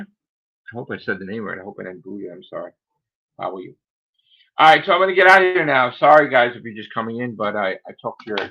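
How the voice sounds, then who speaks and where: Losing his voice, a male livestream host rambles through a casual chat punctuated by grumbling asides. His mid-range voice carries vocal fry, and the sound quality is dull lo-fi.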